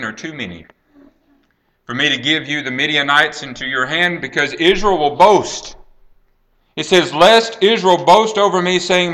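Bright-voiced man preaching a Bible story. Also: a little high. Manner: dramatic storytelling, acts out quoted lines, drops to a hush then rises. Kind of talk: sermon retelling a Bible story.

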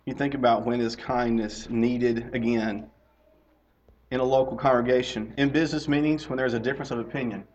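A middle-aged man delivers a sermon in a relaxed, conversational way. He keeps returning to his key phrases and puts questions straight to his listeners. His voice sits at an ordinary middle pitch, and the recording sounds a little dull and lo-fi. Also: fairly quick, slight background noise. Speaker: lay preacher and teacher.

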